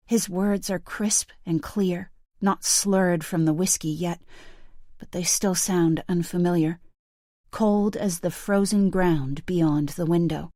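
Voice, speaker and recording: A woman narrating a thriller audiobook in the first person, measured and hushed, on a close studio mic. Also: lowish voice, fairly even intonation, no echo.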